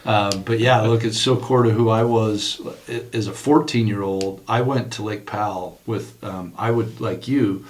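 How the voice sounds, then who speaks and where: A man as a podcast host in casual chat, sharing his own stories in a relaxed, chatty way. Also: on the low side, moderate pace, hardly any pauses, slight background noise, rough recording.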